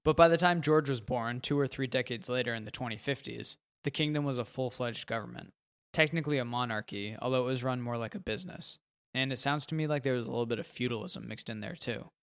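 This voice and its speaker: A man's voice: medium pitch, fast, gravelly, smooth. A man reading a first-person fiction story aloud in a plain, conversational way. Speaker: narrator. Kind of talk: first-person audiobook narration.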